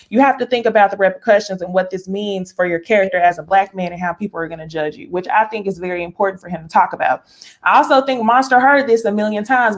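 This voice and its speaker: Woman, reality TV recap host, casual live chat, opinionated, laughs often, middle pitch. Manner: chatty and opinionated, frequent laughs, addresses viewers as y'all.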